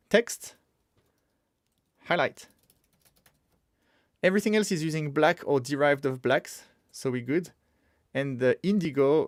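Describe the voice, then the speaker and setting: A man's voice: medium pitch, no room sound, studio quality. A man streaming as he codes, talking casually and muttering to himself while he works. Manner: thinks aloud, mutters to himself while working. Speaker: streamer coding live. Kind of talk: casual live-coding stream.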